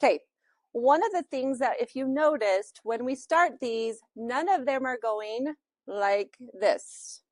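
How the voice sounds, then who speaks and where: A woman's voice: on the high side, lively intonation, slow pace, a little mellow, dry recording. A woman with a Utah accent teaching a social media class in a chatty, loose way with lots of fillers. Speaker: real estate social media instructor.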